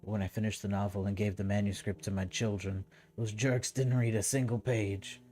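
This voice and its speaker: Man putting on an old Sicilian mafia boss: proud, slow, booming, mellow-toned. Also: level tone, natural voice. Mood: boastful. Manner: loud, slow, grand storytelling delivery.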